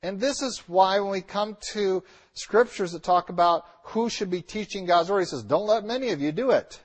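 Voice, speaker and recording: High-voiced emphatic male preacher. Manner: emphatic, repeats key lines with slow stressed words; direct, addresses the congregation. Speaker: pastor. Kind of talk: sermon.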